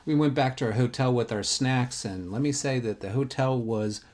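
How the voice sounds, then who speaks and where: A man's voice: medium pitch, moderate pace, darkish tone. A man, a father from the United States, narrating his family's travel vlog in scripted voice-over with dry, wry humor.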